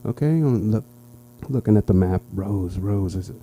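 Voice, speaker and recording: A young man doing stand-up at an open mic in a small comedy club, telling stories chattily with halting restarts and squeaky impressions of other people. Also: dark tone, slightly rough. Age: young adult. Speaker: stand-up comic.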